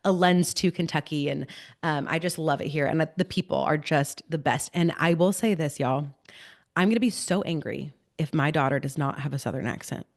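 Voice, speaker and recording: A woman's voice: low-pitched, fairly quick. A woman from California in her thirties, a motivational speaker chatting in an upbeat, encouraging way as a podcast guest. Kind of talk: podcast interview.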